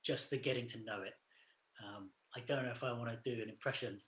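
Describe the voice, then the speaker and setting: A man with a bright, forceful voice chats casually through a film's story, rambling loosely as he goes. His voice rings out in a roomy, echoey space. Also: mid-range voice, fairly even intonation, brisk. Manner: loose retelling of the plot, full of "sort of" and "like". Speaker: podcast co-host. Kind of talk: casual film review chat.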